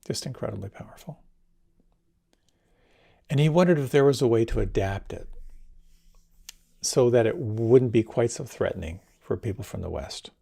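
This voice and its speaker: Gravelly, mellow-voiced meditation teacher, a man. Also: mid-range voice, lively intonation. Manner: gentle, unhurried, soft-spoken guidance. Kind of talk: guided meditation talk.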